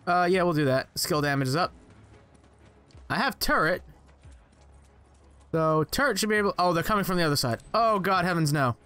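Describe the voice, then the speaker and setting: A man's voice: high-pitched, animated, moderate pace, long pauses, sharp tone, clear, resonant tone, no room sound. A young man commenting on his own gameplay, exclaiming, joking to himself and swearing as he plays. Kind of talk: casual let's play commentary.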